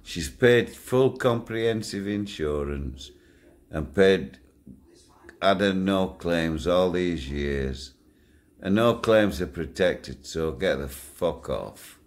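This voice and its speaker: With a low, animated voice, the older channel owner talks slowly to his viewers in a rambling, casual monologue. Blunt and freely profane, he chuckles throughout his stories.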